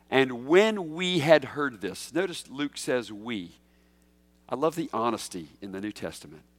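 A senior pastor preaches a sermon, moving between slow, emphatic phrases and quick asides. When he voices a quoted figure, he breaks into sudden loud, high bursts. The recording has no room sound.

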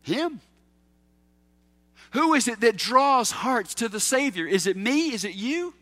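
A man's voice: high voice, very animated, unhurried, a bit bright, big-room sound. A man preaching a sermon as a pastor, emphatic and teacherly, asking his listeners questions.

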